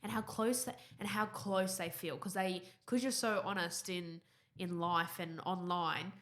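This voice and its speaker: A woman's voice: fairly low pitch, fairly even intonation, unhurried, fairly bright tone. A woman co-hosting a podcast, enthusiastic and affirming in casual chat. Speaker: podcast co-host.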